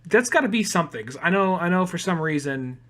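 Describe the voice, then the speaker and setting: A man's voice: high voice, big pitch swings, fast, a bit bright. A man co-hosting a casual podcast, rambling with lots of "like" and restarts and casual swearing. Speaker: podcast co-host.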